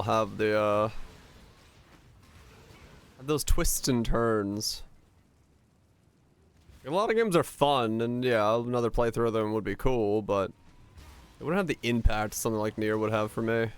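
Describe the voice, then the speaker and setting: A man's voice: medium pitch, measured pace, pauses often, clean tone. A man streaming live, rambling casually to his viewers with lots of filler words. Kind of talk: casual livestream chat with viewers.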